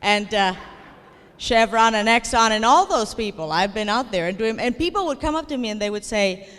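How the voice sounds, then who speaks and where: A woman's voice: a little high, moderate pace, fairly bright tone. A woman giving a comedic keynote speech, telling playful, self-deprecating stories to an audience. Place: large hall before an audience. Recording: long hall reverb.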